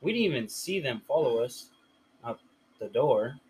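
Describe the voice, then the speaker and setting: A man's voice: mid-range voice, lively intonation, normal speed, a little mellow, slightly rough, low-quality recording. A young man from the Riverside area, telling a story in a casual, profane podcast chat full of filler words. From Riverside area, California. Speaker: podcast host.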